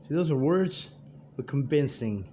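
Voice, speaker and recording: A man's voice: mid-range voice, animated, a little slow, dark tone. Rambling streetwise man in his fifties. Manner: digressive, streetwise, profane. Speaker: vlogger addressing viewers. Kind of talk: rambling unscripted monologue. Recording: dull lo-fi audio with faint background noise.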